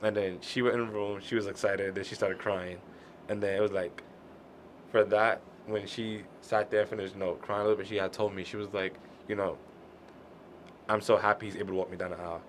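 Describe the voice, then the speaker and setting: A man's voice: sits low, slight background noise. A young man in casual conversation, animatedly retelling a story and quoting what others said.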